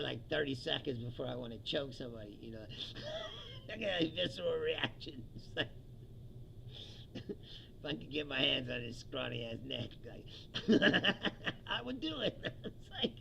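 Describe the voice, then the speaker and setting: A man's voice: a little high, wildly swooping pitch, normal speed, vocal fry, long pauses, pushed and bright, slight background noise, poor audio. A man from the United States hosting his own comedy show, ranting angrily and profanely about the news and laughing often.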